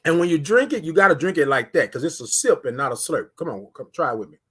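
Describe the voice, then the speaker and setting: A man's voice: on the high side, animated, fast talker, sharp tone, slightly rough. Coaxing man hosting a morning live stream. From Houston, Texas. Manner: repetitive, coaxing call-outs to viewers. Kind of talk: casual live stream chat.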